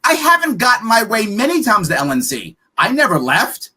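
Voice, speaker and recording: Animated, blunt man on a podcast. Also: sits high, slightly rough. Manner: emphatic and blunt, rapid rhetorical questions; profane, frank. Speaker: political candidate guest. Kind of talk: podcast interview.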